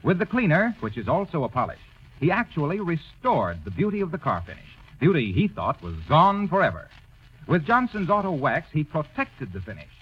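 A man announcing a persuasive 1930s radio advertisement. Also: fairly high pitch. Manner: smooth, persuasive salesman delivery. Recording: lo-fi old radio broadcast.

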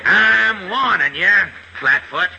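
A man's voice: sits high, expressive, takes it slowly, vocal fry, sharp tone, highs cut off, full character voice. A man voicing a boastful, bumbling police inspector who talks tough and slangy, in 1940s radio comedy style on a noisy old recording. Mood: blustering.

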